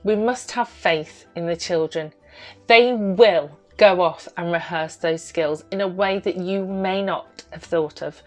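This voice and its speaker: A woman talks to other teachers about how to support young learners. Her delivery is earnest, practical and slow-paced. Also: on the low side. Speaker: early years teacher trainer. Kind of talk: advice to teachers.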